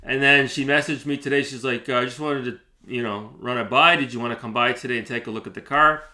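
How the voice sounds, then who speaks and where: A man's voice: mid-range voice, steady tone, fast talker, bright, forceful tone. A man hosting his own channel, telling a story to camera in a chatty way, with many fillers and restarts. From Canada. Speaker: gaming channel host.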